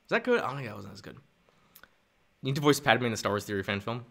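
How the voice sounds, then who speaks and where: A young man chatting casually on a live stream, animated and laughing often, stumbling and restarting his sentences. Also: medium pitch, fairly quick, vocal fry, pauses often.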